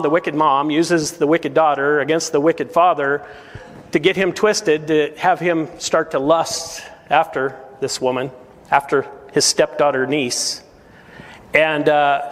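A male pastor gives a verse-by-verse sermon, earnest and emphatic, pressing the congregation with rhetorical questions. His voice is a little higher than most men's, and a long reverb makes it sound like a large hall.

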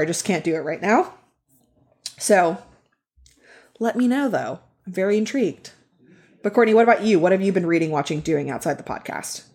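A woman co-hosting a book podcast in casual chat, chatty and frank, with lots of fillers. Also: fairly low pitch. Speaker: podcast co-host.

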